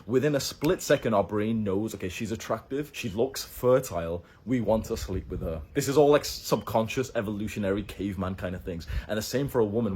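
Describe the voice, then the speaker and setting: A man with a low, husky voice speaks quickly in a casual monologue to camera. He sounds blunt and emphatic and swears freely as he gives self-improvement advice. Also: a little mellow.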